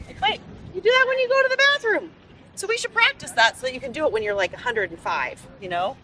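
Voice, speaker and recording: A woman fitness instructor leading a live outdoor workout class on a beach, giving upbeat, encouraging cues. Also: high voice. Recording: distant mic outdoors with faint background noise.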